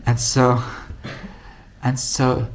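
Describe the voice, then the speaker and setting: A man teaching as a rabbi, telling a story with lively acted-out quotes and frequent restarts. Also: drawn-out words. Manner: animated storytelling, acts out quoted voices with big pitch jumps; many restarts and repeated words. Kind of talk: storytelling Torah class.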